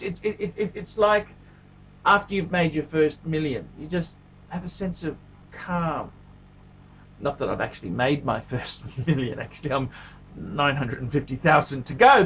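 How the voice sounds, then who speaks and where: A man with a slightly high, fairly bright voice and a breathy edge hosts his own watch-review vlog. He talks casually and emphatically in an unscripted monologue, repeating himself and mixing crude jokes with pleading asides.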